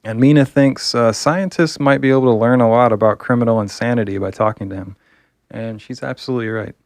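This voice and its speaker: A man's voice: mid-range voice, fast talker, dry recording, studio quality. A man reviewing a comic book, talking casually and enthusiastically, rambling with fillers.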